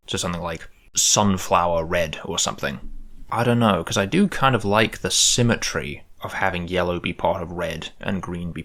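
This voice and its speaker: A man with a very deep voice talks through a tutorial as if thinking aloud. He sounds musing and tentative and often corrects himself mid-thought. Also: a bit bright. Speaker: conlang creator.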